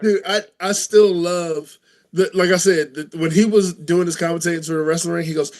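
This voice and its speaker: Male podcast co-host, casual rambling chat, easy laughter, slightly high voice. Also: steady tone, normal speed, darkish tone. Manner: rambling, chatty, laughs easily.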